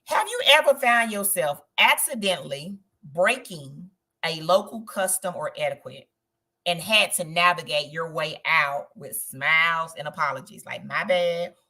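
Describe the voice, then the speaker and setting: A woman hosting a live travel stream, chatting in an animated way and talking straight to her viewers. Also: deep voice, unhurried. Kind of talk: casual livestream chat.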